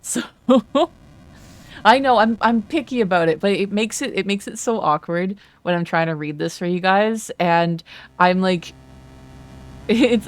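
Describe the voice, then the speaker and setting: Chatty woman streaming a game. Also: on the low side. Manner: chatty, rambling, quick laughs, self-correcting. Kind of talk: casual gameplay commentary.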